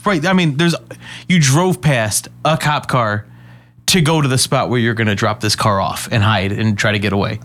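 A man's voice: mid-range voice, moderate pace, a bit bright. A man co-hosting a casual podcast, recapping a TV episode in a laid-back way and swearing freely. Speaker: podcast co-host.

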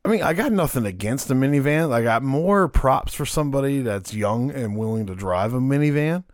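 A man's voice: mid-range voice, a little fast, dry recording, studio quality. A man co-hosting a watch-along, chatting casually and telling stories in a profane, joking way. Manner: animated, profane storyteller. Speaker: co-host of a watch-along show. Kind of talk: casual chat.

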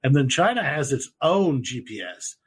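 A man in casual podcast chat, swearing freely and rambling through fillers in an animated, husky voice. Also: mid-range voice, normal speed.

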